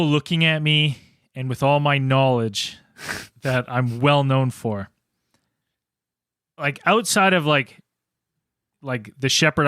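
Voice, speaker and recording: A man's voice: fairly high pitch, fairly bright tone, dry recording, clean studio sound. A man co-hosting a casual podcast, joking and asking playful questions. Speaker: podcast co-host. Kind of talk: casual chat.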